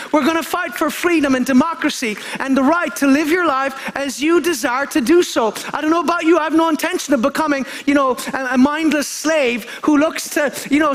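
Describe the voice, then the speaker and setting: A man's voice: very high-pitched, fairly bright tone. A male preacher giving a fervent sermon, calling out for amens and often repeating himself and restarting his sentences. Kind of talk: impassioned sermon.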